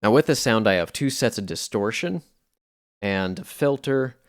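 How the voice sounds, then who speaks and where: A man casually explaining how he recorded and processed sounds for a music piece, in a relaxed way with a few fillers. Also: fairly low pitch, moderate pace, slight background noise. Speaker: music producer. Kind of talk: casual tutorial narration.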